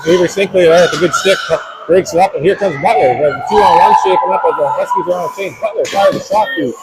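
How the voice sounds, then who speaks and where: Male play-by-play announcer, slightly high voice, live hockey call, noisy rink behind. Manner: rapid running description with self-corrections. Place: ice rink.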